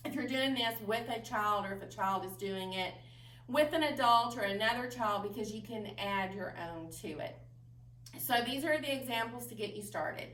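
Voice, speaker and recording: A woman as a children's librarian leading toddler story time, talking cheerfully in a sing-song, slow and clear way for young children. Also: a little high, pushed and bright. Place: library room. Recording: echoey room, a bit far from the mic.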